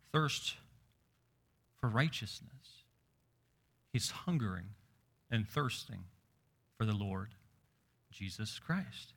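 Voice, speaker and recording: Emphatic preacher with a forceful voice. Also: male voice, mid-range voice. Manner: emphatic, slows down on key words, asks the crowd questions. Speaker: pastor. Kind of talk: sermon.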